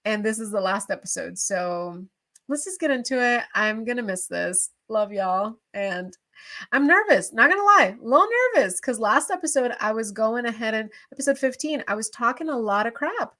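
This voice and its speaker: A woman's voice: on the high side, normal speed, fairly bright tone. A young adult woman hosting a reaction show, chatting casually to camera in a bubbly, openly emotional way.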